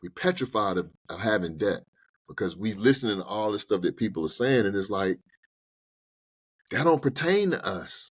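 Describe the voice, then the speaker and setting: A man giving personal finance advice in a casual podcast conversation, talking in an animated, colloquial way and acting out little exchanges with banks. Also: lowish voice, moderate pace, slightly rough. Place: podcast studio.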